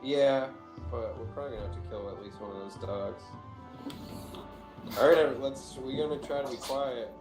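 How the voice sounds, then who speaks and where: A man playing a tabletop game, planning moves aloud in a casual, animated way. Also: mid-range voice, fairly quick, pauses often. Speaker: player. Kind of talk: casual tabletop play chat. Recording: echoey room with faint music.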